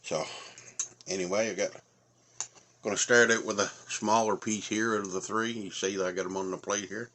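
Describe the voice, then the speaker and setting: A man's voice: fairly low pitch, steady tone, normal speed, fairly bright tone. A middle-aged man from Nova Scotia with an Atlantic Canadian accent, chatting casually through a food tasting review with lots of fillers. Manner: rambling, many fillers, talks while eating.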